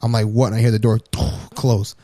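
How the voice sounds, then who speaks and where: Animated, profane male podcast storyteller. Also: fairly low pitch, a little fast. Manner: animated, profane storyteller who acts out quotes and laughs often. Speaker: podcast co-host. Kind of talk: casual chat, storytelling.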